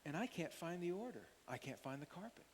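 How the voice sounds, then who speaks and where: An older man preaching a sermon as pastor, an animated storyteller who acts out the quotes. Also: a little high, fairly quick. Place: church sanctuary. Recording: long hall reverb, faint hiss.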